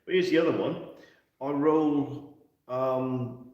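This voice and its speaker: A man's voice: mid-range voice, takes it slowly, a little mellow, dull audio. A man in casual, rambling chat about tabletop wargame rules, joking as he goes. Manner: chatty, rambling, jokey. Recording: roomy echo, mic at a distance.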